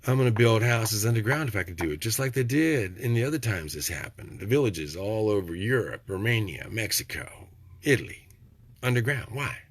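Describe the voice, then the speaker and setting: Older husky-voiced man, folksy and preachy. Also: lively intonation, brisk, no room sound. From Texas. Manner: preachy, folksy, swings from low and quiet to loud. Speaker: vlogger. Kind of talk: rambling motivational monologue.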